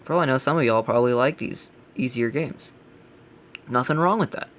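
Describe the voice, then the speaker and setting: Gravelly man grumbling through a game. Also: medium pitch, brisk, fairly bright tone. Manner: blunt, grumbling critique. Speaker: gaming channel host. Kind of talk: casual let's play commentary.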